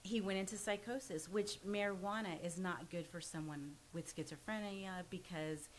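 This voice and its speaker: Brief: forthright woman in her forties, low-ish voice, candid and a bit pushy, guest on a chat podcast. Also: moderate pace, a little hiss or hum, poor audio. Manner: earnest and forthright, self-described pushy. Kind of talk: candid storytelling in casual conversation.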